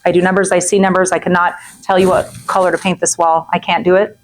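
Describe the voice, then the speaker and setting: A woman's voice: lowish voice, fast, a little hiss or hum, rough recording. Chatty woman coaching a group. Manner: chatty, animated, acts out quoted people; frequent "right?" and "okay?" asides. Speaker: real estate coach. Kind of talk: masterclass talk to a group.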